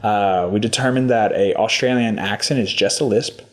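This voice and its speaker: A man's voice: lowish voice, moderate pace. Laid-back podcast host, man. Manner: laid-back, swears casually, joking. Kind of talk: casual podcast chat.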